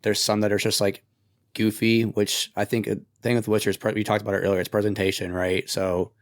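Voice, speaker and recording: A man's voice: on the low side, level tone, fairly quick, dry recording, studio quality. A man chatting as a podcast co-host in a matter-of-fact way. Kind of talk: casual chat.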